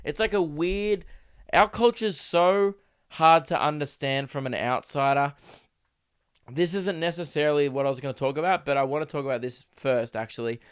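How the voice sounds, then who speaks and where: A man's voice: a little high, moderate pace, smooth. A young Australian man, a podcast host who is sick, rambling through a casual solo rant with lots of swearing and restarts. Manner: rambling, self-interrupting, swears freely, acts out quoted voices. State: sick, coughing.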